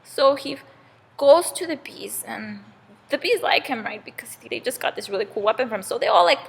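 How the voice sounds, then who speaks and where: A young woman tells a fable in a loose, casual way. Her voice is raspy with some fry and swings widely in pitch. It echoes with long reverb in a hall. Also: normal speed. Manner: casual, animated retelling with fillers. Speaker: student storyteller. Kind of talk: oral storytelling of a fable.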